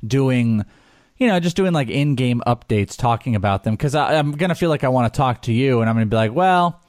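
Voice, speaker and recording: A man's voice: mid-range voice, lively intonation, brisk, a little mellow, no echo, studio quality. A man co-hosting a casual sports podcast, talking in a rambling, jokey way with filler words. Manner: rambling, jokey, slips into mock voices. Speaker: podcast co-host.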